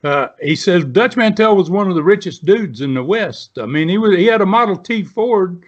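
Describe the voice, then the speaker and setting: A man's voice: sits high, animated, normal speed. A man, a retired wrestler telling rambling, salty stories in an interview. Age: 70s. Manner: folksy, rambling storyteller with salty language. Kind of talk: storytelling interview. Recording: dull lo-fi sound.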